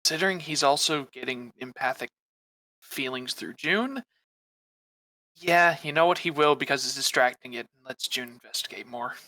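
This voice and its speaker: Bright-voiced player in measured character talk. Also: medium pitch, no echo. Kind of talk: tabletop role-play.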